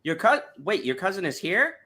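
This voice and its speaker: A man hosting a casual chat show, playful and quick to laugh. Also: high-pitched, sing-song, sharp tone. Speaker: host.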